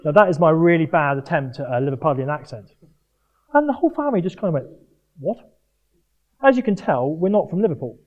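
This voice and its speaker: A middle-aged man from Jersey giving a sermon at a Christian sports event, earnest and animated with self-mocking humour. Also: fairly high pitch, fast talker. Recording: dull lo-fi live talk recording.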